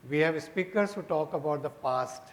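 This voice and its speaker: A man's voice: on the high side, normal speed. A man, moderating a conference and giving hesitant closing remarks with fillers. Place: conference hall. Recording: echoey hall with crowd noise.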